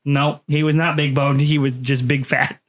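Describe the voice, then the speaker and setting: A man co-hosting a podcast in casual chat, animated, acting out quotes and swearing freely. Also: on the high side, normal speed. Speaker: podcast co-host.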